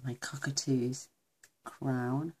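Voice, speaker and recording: A woman's voice: very deep voice, level tone, very slow, a little mellow, breathy edge. A woman demonstrating card-making, gushing and chatty as she thinks aloud while colouring. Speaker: craft demonstrator.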